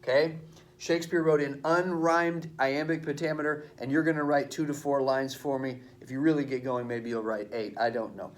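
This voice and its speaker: A man's voice: mid-range voice, steady tone, moderate pace, a little hiss or hum. A male teacher explaining a poetry assignment to his class at the board in a casual, chatty way.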